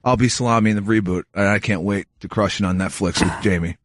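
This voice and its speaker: A man's voice: on the low side, fast, no echo. A man on a comedy talk show, trading dry, offbeat jokes and reading out show plugs. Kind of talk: casual comedy banter.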